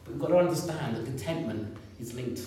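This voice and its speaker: A man's voice: medium pitch, brisk, mellow, slight background noise. A man in his fifties preaching a sermon in a conversational way, repeating points and asking the congregation questions. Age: 50s. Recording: echoey room, picked up from a distance.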